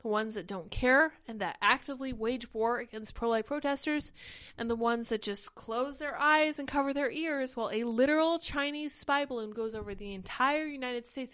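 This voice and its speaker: Young woman host, casual stream chat, slightly higher voice, a bit breathless, dry close sound. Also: moderate pace, smooth, dry recording. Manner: chatty, animated, reads chat comments aloud. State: short of breath. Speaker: podcast host. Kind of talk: casual livestream commentary.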